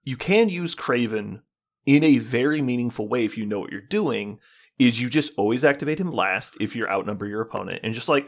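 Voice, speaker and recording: A man's voice: medium pitch, lively intonation, a little fast, dull audio. A man co-hosting a podcast in casual gaming chat, explaining at length, swearing and laughing as he talks. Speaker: podcast co-host.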